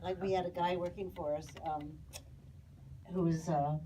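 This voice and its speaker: A woman animator reminiscing on a panel in a chatty, halting way with fillers. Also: on the low side, fairly even intonation, dark tone, lo-fi sound. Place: panel talk before an audience. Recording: distant mic with clear background noise.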